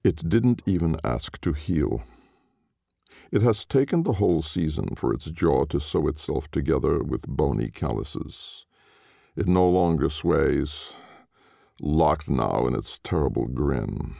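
A man narrating a dark audiobook in a slow, grave, measured way. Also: rumbling low, expressive, creaky, no echo, studio quality.

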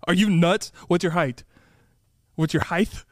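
A man's voice: sits high, fairly even intonation, measured pace, dry recording, studio quality. A young man co-hosting a podcast, telling stories in a teasing voice and laughing often. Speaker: podcast co-host. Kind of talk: casual podcast banter.

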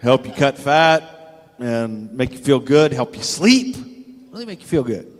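A man's voice: mid-range voice, sing-song, a little slow, long reverb tail. An older man telling a rambling, profane anecdote in a casual chat, acting out the voices of the people he quotes. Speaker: storyteller guest.

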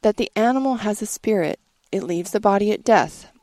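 A woman giving a measured, earnest scripted reading. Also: mid-range voice, lively intonation, dark tone, no echo.

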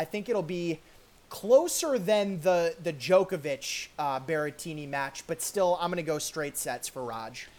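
On a tennis podcast, a female co-host with a low, darkish voice chats casually about sports. Her conversational delivery is full of fillers and restarts.

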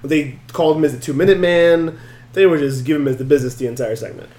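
A man co-hosting a casual chat show, recapping wrestling in an animated way and acting out quotes. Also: on the high side, fast, echoey room. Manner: animated, acts out quotes with laughs. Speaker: podcast co-host.

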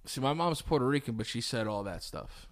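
A young man co-hosting a podcast, relaxed and chatty, swearing casually. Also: mid-range voice, brisk. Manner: laid-back, swears freely, chatty. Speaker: podcast co-host. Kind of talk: casual chat.

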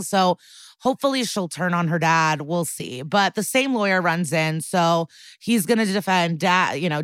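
A woman's voice: on the low side, fairly bright tone, no room sound, studio quality. A woman podcast co-host recapping a TV episode in a chatty, blunt way, with lots of fillers and casual swearing.

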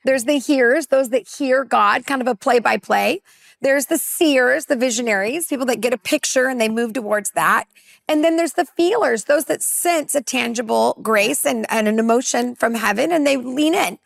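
A woman in her forties from California, a women's pastor, telling a personal testimony in an earnest, animated way during a panel conversation. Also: on the high side, moderate pace, creaky, no echo, clean studio sound. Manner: earnest, animated storyteller who acts out dialogue.

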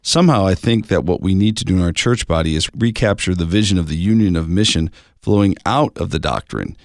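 A man co-hosting a radio show, reading listener emails in a measured, steady way. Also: deep voice, creaky, no echo, clean studio sound. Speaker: radio co-host.

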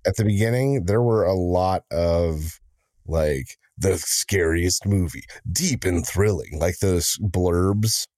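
A man co-hosting a podcast in casual chat, telling drawn-out joking stories with lots of fillers. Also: sits low, a little mellow, no echo. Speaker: podcast co-host.

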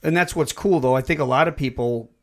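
A man hosting a casual podcast, loud, profane and rambling. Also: mid-range voice, fast. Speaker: podcast host.

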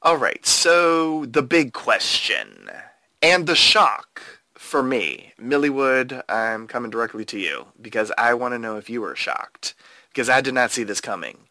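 A man co-hosting a podcast, recapping an episode in a playful, animated way with quick asides. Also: medium pitch, dry recording. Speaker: podcast co-host. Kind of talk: casual podcast discussion.

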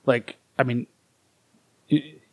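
A man's voice: slow, a little mellow. Chatty man who laughs a lot. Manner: asks questions, laughs often. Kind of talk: casual chat.

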